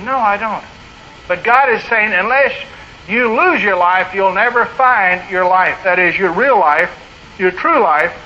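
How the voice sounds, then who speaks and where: A pastor with a high, bright voice delivers an earnest sermon, driving his points home by repeating phrases with rising emphasis. The lo-fi recording sounds dull, with faint hiss in the background.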